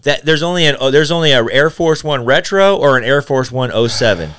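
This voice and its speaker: A man's voice: mid-range voice, expressive, fairly quick, fairly bright tone, smooth. A man co-hosting a casual podcast, swearing a lot and ranting in angry bursts. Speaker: podcast co-host.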